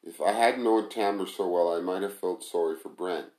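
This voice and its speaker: A man reading a first-person story aloud in a plain, even storytelling manner. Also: sits low, a little fast, hardly any pauses. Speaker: narrator. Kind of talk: first-person audiobook narration. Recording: roomy echo.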